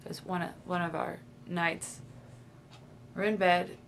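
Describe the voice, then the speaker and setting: Low-voiced young woman confiding to camera. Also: little pitch movement, slow, a bit bright, slight background noise. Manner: dreamy, confiding, trails off and restarts. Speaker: vlogger. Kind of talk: confessional video diary.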